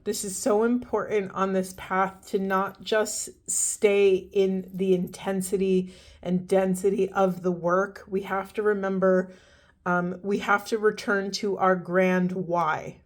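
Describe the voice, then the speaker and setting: A woman's voice: mid-range voice, level tone, a little slow. A woman giving an oracle card reading to her viewers, earnest and heartfelt, often stopping to restart her sentences. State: teary-eyed. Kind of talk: spiritual card reading to camera.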